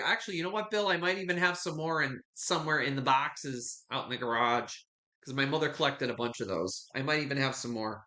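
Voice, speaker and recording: A man's voice: mid-range voice, fairly quick, pushed and bright, reverberant. A man in his fifties hosting a live online sale from his home, chatting casually and calling viewers honey and sweetie. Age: 50s. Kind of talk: live online auction selling.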